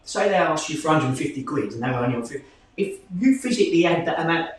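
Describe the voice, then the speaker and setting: A man, a football club manager talking plainly and at length, his pitch jumping as he makes his points. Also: fast talker. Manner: plain-spoken, rambling, lively pitch swings. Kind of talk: casual discussion. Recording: echoey room from far off.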